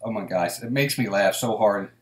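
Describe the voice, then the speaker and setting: A man's voice: fairly low pitch, moderate pace, echoey room. A man hosting a casual live stream, chatting and laughing often as he reads viewer comments aloud. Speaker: host.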